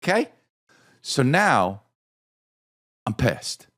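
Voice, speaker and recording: A man's voice: mid-range voice, drawn-out words. A middle-aged man hosting a podcast, telling a comedic story with lots of swearing and acted-out voices. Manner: animated, swearing, acts out voices in his story. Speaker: podcast host.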